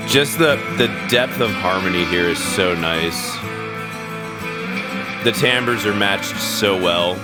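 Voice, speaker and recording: A man speaking slowly in a low voice hosts a music reaction, breaking down chords and theory with casual, profane enthusiasm while a loud rock track plays.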